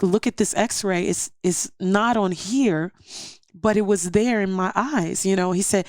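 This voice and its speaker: A middle-aged woman sharing a personal testimony as a podcast guest, animated and acting out the voices in her story. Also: mid-range voice, no echo, clean studio sound.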